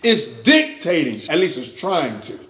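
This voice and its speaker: A man preaching with a fairly high voice that rises to emphatic peaks and drops to low asides. The room around him is roomy and echoing. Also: measured pace. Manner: animated preaching, swings from loud to quiet. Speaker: pastor teaching a Bible class. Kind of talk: sermon.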